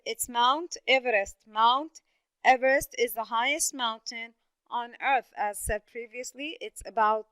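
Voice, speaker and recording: A woman's voice: a little high, fairly bright tone, smooth, no echo, poor audio. A woman teaching an English lesson, patiently asking questions and praising students. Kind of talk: recorded classroom lesson.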